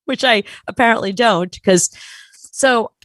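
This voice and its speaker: A woman co-hosts a casual chat and tells a story with lively exasperation, slipping into acted quotes. Her voice sits fairly high. The sound is dry and close. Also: unhurried, no room sound. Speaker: podcast co-host.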